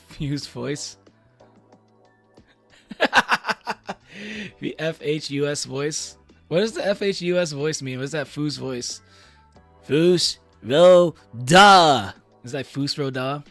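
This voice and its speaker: A man's voice: mid-range voice, slow, long pauses, soft background music. A young man streaming, chatting casually to his viewers in a rambling way, with many fillers and restarts and frequent laughs. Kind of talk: casual livestream chat.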